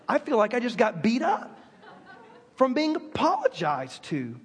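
A man's voice: very high voice, wildly swooping pitch, moderate pace, breathy edge, long reverb tail. A man preaching a sermon as a pastor, telling stories with self-deprecating humor.

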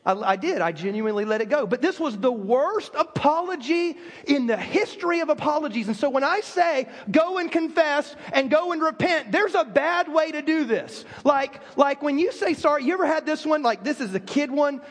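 A man's voice: very high voice, animated, moderate pace, big-room sound. A man preaching a sermon as a pastor, telling stories with self-deprecating humor.

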